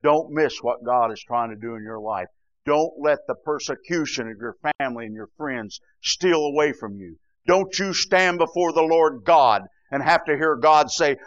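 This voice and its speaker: An older man preaches fervently at a normal speed, his sermon shifting from quiet and low to loud, shouting peaks. "Bless God" comes up often, in a low-quality recording without echo.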